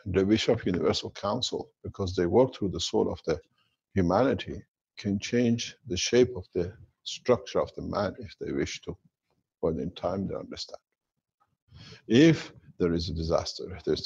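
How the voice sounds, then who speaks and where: A low, gravelly male voice lectures at length, wandering through its explanations in non-standard English. The sound is husky and very dry, with no room around it, and the audio is dull and lo-fi, like an online call. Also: a little mellow, dry recording. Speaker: workshop lecturer. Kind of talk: spiritual science lecture.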